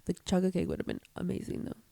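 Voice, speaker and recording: A woman's voice: on the low side, wildly swooping pitch, racing, vocal fry, mellow, no echo. A woman from Texas co-hosting a podcast, teasing and bantering in a casual chat. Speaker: podcast co-host.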